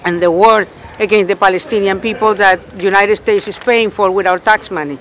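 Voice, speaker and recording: Outdoors in a street interview, a union member protester tells an angry story in a high, steady-toned voice at a brisk pace. Indignant, he repeats himself and loudly quotes his own comebacks.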